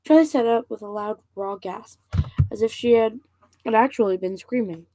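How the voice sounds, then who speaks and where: A woman's voice: a little high, normal speed, mellow, no echo, rough recording. A woman casually reading a novel aloud, stumbling and restarting over words now and then. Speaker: reader and channel host.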